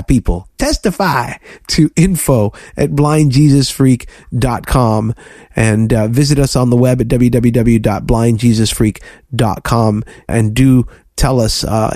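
A man co-hosting a faith podcast, preaching fervently and telling lively stories to his listeners. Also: mid-range voice, no room sound, studio quality. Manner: fervent, preachy, animated storytelling. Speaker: podcast co-host.

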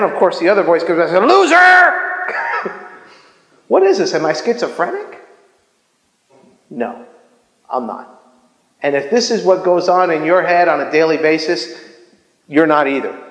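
A man giving a casual, animated sermon, often restarting his sentences with stammered repeats. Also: high voice. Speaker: preacher. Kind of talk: informal sermon. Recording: echoey hall with long reverb.

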